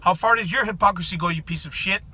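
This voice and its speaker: Man ranting angrily, bright and profane. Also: high voice, quick pace, rough recording. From United States. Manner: profane, shouting, confrontational. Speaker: vlogger. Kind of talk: angry political rant to camera.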